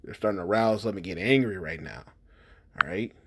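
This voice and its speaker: A man's voice: deep voice, brisk, very noisy. A man giving casual, heated commentary on news videos, profane and repetitive, in an indignant manner.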